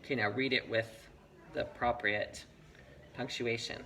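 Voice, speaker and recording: A man's voice: mid-range voice, steady tone, unhurried, bright, forceful tone, slight background noise, rough recording. A man teaching a one-on-one reading lesson, patient and encouraging, explaining step by step.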